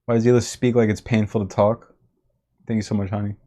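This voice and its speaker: Sarcastic low-voiced livestreamer. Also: male voice, level tone, fairly quick, mellow. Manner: sarcastic, mocking, reads chat aloud. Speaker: livestream commentator. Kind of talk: casual reaction commentary.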